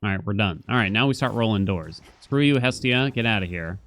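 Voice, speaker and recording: A man's voice: fairly low pitch, lively intonation, a little fast, fairly bright tone. Chatty young man streaming a game. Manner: chatty, thinks aloud while playing. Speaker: gaming streamer. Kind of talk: casual gameplay commentary.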